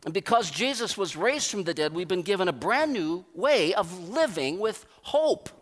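A man preaching a sermon as pastor, emphatic, with pauses and repeated phrases. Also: sits high, lively intonation. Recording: long reverb of a large hall.

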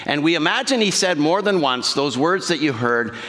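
Guy preaching a sermon, bright forceful voice, chatty, keeps asking the room stuff, big church reverb. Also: on the high side, expressive, normal speed. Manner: conversational, asks the congregation questions. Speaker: pastor. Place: church sanctuary. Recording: long hall reverb.

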